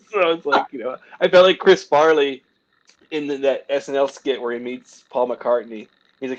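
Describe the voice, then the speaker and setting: A comic book artist with a medium-pitched voice tells self-deprecating stories in a casual interview, speaking unhurriedly with long pauses. He acts out what others said, uses "like" a lot, and laughs and coughs lightly at his own expense. The recording has background noise and missing highs.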